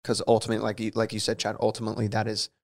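A man's voice: fairly low pitch, monotone, very fast, gravelly. Rambling, goofy young man in a casual chat. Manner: rambling, goofy, laughs a lot. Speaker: podcast co-host.

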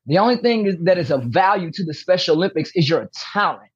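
Emphatic woman interview guest, husky voice, dull dry recording, hammers points home. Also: lowish voice, animated, fast talker, no echo. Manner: emphatic, repeats key points. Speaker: podcast guest, athlete. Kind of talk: candid interview talk. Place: room at home with posters behind.

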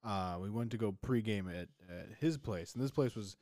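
A man co-hosting a podcast, telling a story with teasing humor and halting fillers. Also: lowish voice, darkish tone, dry recording, studio quality. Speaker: podcast co-host. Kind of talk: casual storytelling.

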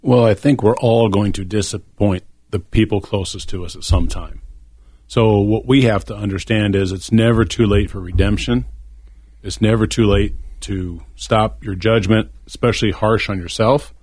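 A man's voice: on the low side, fairly even intonation, normal speed, a little mellow, breathy edge, no room sound. A middle-aged man talking earnestly and reflectively on a faith-based discussion show.

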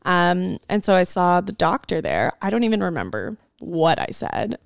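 A young woman telling a personal story as a podcast guest. Her voice has a gravelly, fry-tinged texture, and it sounds dry and close to the mic. She talks casually and chattily, with plenty of fillers. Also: on the low side, big pitch swings, normal speed, no echo.

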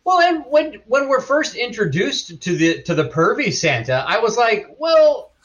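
High, lively-voiced man reacting excitedly. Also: moderate pace. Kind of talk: casual movie-review chat.

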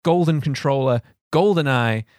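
A man's voice: mid-range voice, moderate pace, a little mellow, dry recording, studio quality. A man hosting a casual podcast chat, joking and steering the conversation back on track. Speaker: podcast host.

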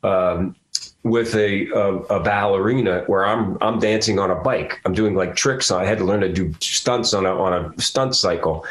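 A man's voice: low voice, normal speed, reverberant. A man in his sixties from Philadelphia with a Philadelphia accent, an actor chatting as a guest in a casual interview, rambling with many restarts.

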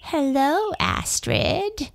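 A woman's voice: high-pitched, expressive, extremely slow, creaky, voice pushed up, heavily acted. A woman voicing a greedy, cackling villainess in a storybook reading. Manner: cackling and sniffy.

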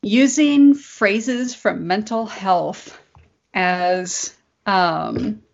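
A woman's voice: mid-range voice, lively intonation, very slow, creaky, muffled recording. A woman co-hosting a podcast in casual chat, laughing often and correcting herself as she talks. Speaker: podcast co-host.

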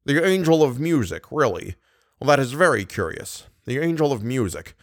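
A man reading an audiobook, voicing a skeptical police commissary with a measured, ironic, solemn manner. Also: medium pitch, big pitch swings, no echo, clean studio sound.

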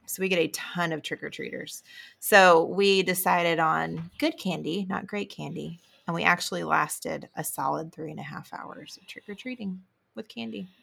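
A woman's voice: on the low side, moderate pace, creaky, a bit bright. A woman co-hosting a podcast, chatting casually and laughing between thoughts. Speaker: podcast co-host. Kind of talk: casual chat.

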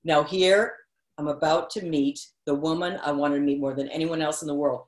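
Lively storytelling woman from Massachusetts. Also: low voice, moderate pace, roomy sound. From Quincy, Massachusetts. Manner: lively storyteller, acts out quotes. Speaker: guest, comedic actress and co-author. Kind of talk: storytelling in an interview.

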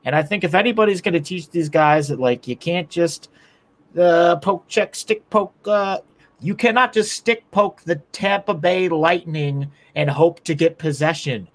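A man's voice: on the high side, measured pace. A man co-hosting a casual hockey podcast, talking bluntly and with profanity about how the team should play. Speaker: podcast co-host. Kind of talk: casual sports talk.

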